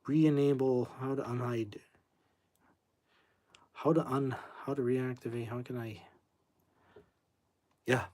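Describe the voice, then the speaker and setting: A man's voice: mid-range voice, fairly even intonation, slow, pauses often, dark tone. Rambling man hosting a livestream. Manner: rambling, flares up angrily at chat commenters, swears. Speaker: livestream host. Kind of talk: casual livestream chat. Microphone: phone.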